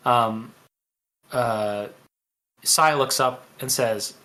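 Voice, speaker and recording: Bright-voiced casual game master. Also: male voice, mid-range voice, fairly even intonation, normal speed. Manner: casual, rambling, filler-heavy. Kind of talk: narrating a tabletop game.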